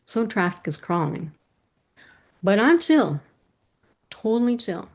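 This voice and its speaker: A middle-aged woman telling a personal story to a virtual audience, lively and self-mocking, acting out the voices she quotes. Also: mid-range voice, takes it slowly.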